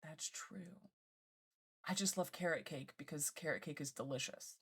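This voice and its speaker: Woman streamer, lower pitch, bubbly and gushing, laughs a lot, casual live chat. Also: a little fast, husky.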